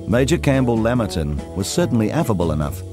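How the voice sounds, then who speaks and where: A man's voice: lowish voice, sing-song, a little fast. A man giving scripted documentary narration. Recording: music under voice.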